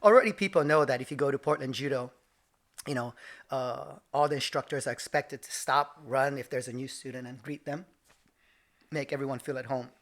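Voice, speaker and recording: A man's voice: mid-range voice, fairly quick. A man in his thirties from Hawaii, a judo instructor, telling stories in a casual interview and laughing often. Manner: animated storyteller, laughs often. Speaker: judo instructor and dojo owner.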